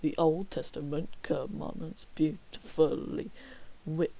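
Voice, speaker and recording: A man's voice: fairly high pitch, fairly even intonation, a little slow, vocal fry, mellow, poor audio. A young man reading his homework aloud on a stream, breaking off into wry joking asides. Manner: wry, slips into whispered mock remarks. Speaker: student streamer.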